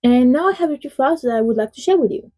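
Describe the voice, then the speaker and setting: Brief: French woman, native French, chatty YouTube film reviewer, warm dark relaxed voice. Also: sits high, fast talker, rough recording. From France. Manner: chatty and rambling, many "like" fillers. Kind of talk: casual spoken film review.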